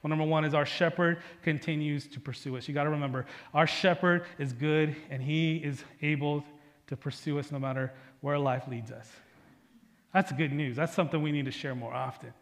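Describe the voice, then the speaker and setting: A man's voice: fairly high pitch, fairly even intonation, a little fast. Man preaching in a reverberant church. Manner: conversational preaching with personal stories and frequent "right?". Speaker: pastor. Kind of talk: sermon. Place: church sanctuary.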